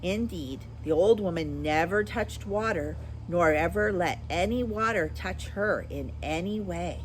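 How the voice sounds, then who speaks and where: A woman teacher reading a children's storybook aloud with expressive, animated storytelling. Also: lowish voice, unhurried, a little hiss or hum, rough recording.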